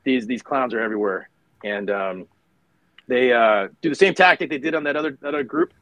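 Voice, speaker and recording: A man's voice: mid-range voice, lively intonation, brisk, a bit bright, dry recording, rough recording. Middle-aged man telling a war story. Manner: conversational, many fillers and restarts. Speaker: guest, retired Marine officer. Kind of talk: casual war story told in conversation.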